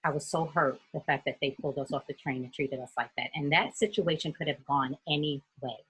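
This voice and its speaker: Very husky low-voiced woman. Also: brisk, low-quality recording. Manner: earnest, steady storytelling. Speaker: youth mentor. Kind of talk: personal story in a group discussion.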